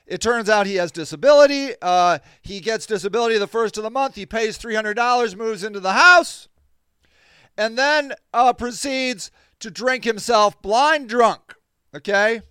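High-voiced man telling an exasperated story. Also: moderate pace, clean tone, dry recording, clean studio sound. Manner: animated, exasperated, swears freely; laughs between lines. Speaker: podcast host. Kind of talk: casual storytelling monologue.

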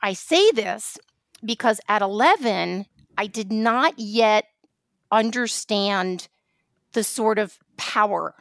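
A woman's voice: mid-range voice, takes it slowly, creaky, no echo, studio quality. New York woman telling a story. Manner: storytelling, animated, many restarts. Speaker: podcast co-host. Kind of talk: casual podcast conversation.

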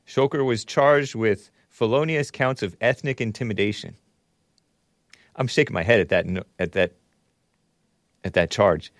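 A man's voice: fairly low pitch, measured pace, pauses often, dry recording, studio quality. A man hosting a talk show, giving casual commentary on news clips with wry, chuckling asides. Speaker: show host.

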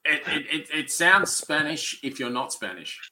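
A man's voice: a little high, big pitch swings, unhurried, sharp tone. A man co-hosting a casual podcast, playful and full of questions. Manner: playful, asks lots of questions. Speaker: podcast co-host. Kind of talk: casual chat.

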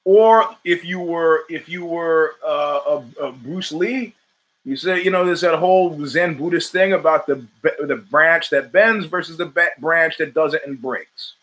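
Forceful, emphatic middle-aged man. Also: on the high side, measured pace. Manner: emphatic, rhetorical, repeats phrases for effect. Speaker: podcast host. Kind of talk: opinionated monologue.

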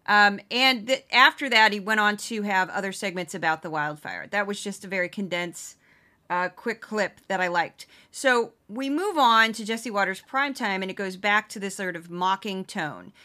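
A woman's voice: medium pitch, bright, forceful tone. A woman hosting a podcast, giving casual sarcastic commentary between news clips. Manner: sarcastic, quick asides. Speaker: podcast host.

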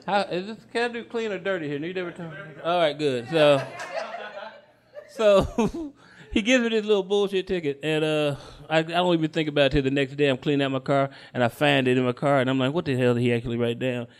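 A man's voice: a little high, brisk. A man performing live stand-up comedy, telling a long story with punchlines. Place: comedy stage at a live show.

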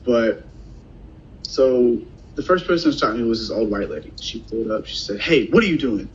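A man casually telling a personal story in a conversation, animated and acting out what other people said. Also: moderate pace. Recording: dull lo-fi sound, faint rumble.

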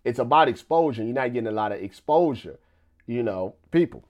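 A man's voice: mid-range voice, expressive, fairly quick, darkish tone, highs cut off. A man hosting a casual live stream, talking loosely with frequent restarts, filler asides and laughs between points.

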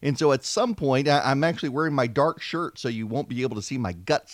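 A man's voice: medium pitch, expressive, fairly quick, hardly any pauses, a little hiss or hum. A man, hosting a casual, chatty political talk radio show with a self-deprecating manner. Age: 40s. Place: home studio, seated at a mic. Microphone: studio microphone.

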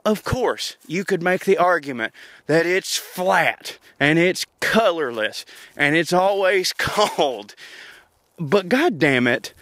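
A man's voice: a little high, fairly bright tone, dry recording. A man with a Southern US accent, from Georgia, delivering a profane, rambling comedic rant and laughing at himself. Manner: profane, rambling, self-mocking, laughs often. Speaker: comedian podcast host.

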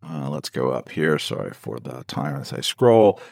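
A man's voice: rumbling low, sing-song, moderate pace, gravelly, a little mellow, dry recording, studio quality. A man co-hosting a podcast, speaking wryly in casual chat and setting up listener emails to read aloud. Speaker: podcast co-host.

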